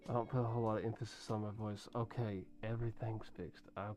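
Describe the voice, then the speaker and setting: Chatty male streamer, low voice, music behind. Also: steady tone, fast talker, a little mellow. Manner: chatty, rambling, talks to chat and reads usernames. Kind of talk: casual livestream chat. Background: faint music.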